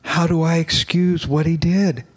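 A man voicing a grieving middle-aged father, halting and pleading, as he reads aloud from a novel. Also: a little high, flat delivery, slightly rough, voice pushed up.

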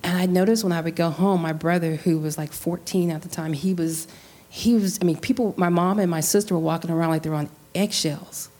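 A woman's voice: lowish voice, fairly even intonation, brisk, mellow. A woman from Central California earnestly telling a family story in a casual discussion, with restarts and quoted dialogue.

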